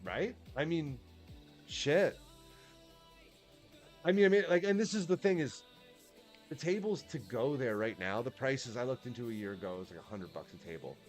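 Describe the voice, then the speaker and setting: A man's voice: mid-range voice, lively intonation, normal speed, long pauses, soft background music. A man chatting casually on a livestream, laid-back and swearing freely, often restarting his sentences. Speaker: streamer.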